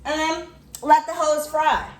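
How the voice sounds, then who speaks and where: A woman's voice: sits high, steady tone, unhurried. A young woman, cooking at home in a casual vlog, complaining dramatically, swearing, and talking to her viewers. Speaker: vlogger. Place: home kitchen. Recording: echoey room with faint background noise.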